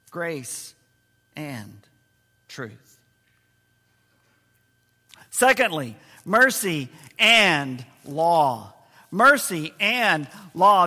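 A pastor with a high, sharp male voice preaches emphatically, his words ringing through a reverberant hall. He slows to stress key words, and at times his voice drops low and quiet.

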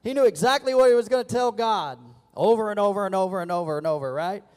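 A man preaching a sermon as pastor, leading the congregation in call-and-response and building to loud emphatic peaks. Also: sits high, quick pace. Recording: long church reverb.

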